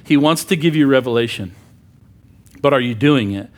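A man's voice: mid-range voice, moderate pace. A male pastor preaching a conversational sermon, with joking asides and sudden emphatic bursts.

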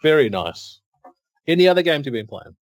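A middle-aged man co-hosting a podcast, an animated storyteller who acts out dialogue and laughs often. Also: a little high, normal speed, no echo. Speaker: podcast co-host. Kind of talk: casual chat.

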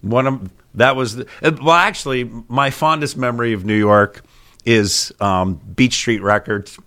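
Bright-voiced Pittsburgh man, chatty. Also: mid-range voice, measured pace. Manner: rambling, animated storytelling with restarts. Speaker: podcast co-host. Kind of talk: casual chat.

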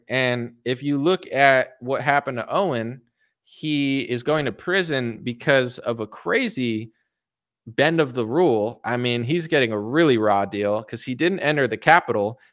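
A man's voice: mid-range voice, a bit bright. A young man hosting his own show, ranting about politics in a heated, sarcastic, casual way, calling listeners dude and folks. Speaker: political commentary host.

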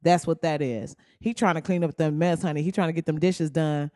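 A man hosting a casual comedic talk show, profane and animated, often slipping into quoted voices. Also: on the high side, fairly quick, no room sound, clean studio sound.

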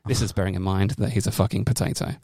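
A man's voice: low-pitched, fairly even intonation, fast, dark tone, no echo, clean studio sound. A man co-hosting a podcast, joking crudely and swearing freely in casual banter. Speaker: podcast co-host.

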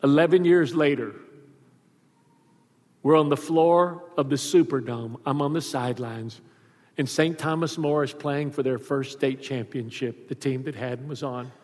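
A middle-aged man, a pastor, telling a story in a sermon with animated delivery. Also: medium pitch, measured pace. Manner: animated, acts out voices in his stories. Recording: long hall reverb.

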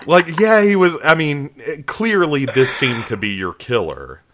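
Man, podcast co-host, casual film review chat, lively melodic voice, jokey, laughs often. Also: a little high, measured pace. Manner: animated, laughing, jokey asides and quoted voices.

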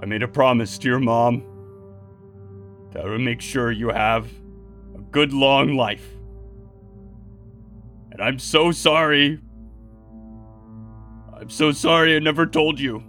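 A guilt-ridden, grieving guardian, played by a man, talks in halting, choked apologies. His voice is bright and forceful at a middle pitch, with music playing softly behind. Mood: remorseful. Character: remorseful grieving male guardian, tender and guilty.

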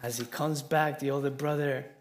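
A man preaching a sermon, telling a story earnestly and swinging between soft and emphatic delivery. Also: medium pitch, fairly even intonation, normal speed.

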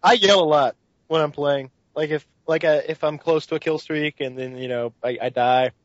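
A man co-hosting a casual podcast chat, telling animated stories and acting out his friends yelling. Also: a little high, moderate pace, dry recording, lo-fi sound. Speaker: podcast co-host.

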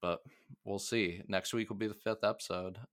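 Podcast co-host, male, relaxed and chatty, smooth low voice, dry close mic. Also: no room sound. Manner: chatty, laughing, quick asides. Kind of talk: casual podcast chat.

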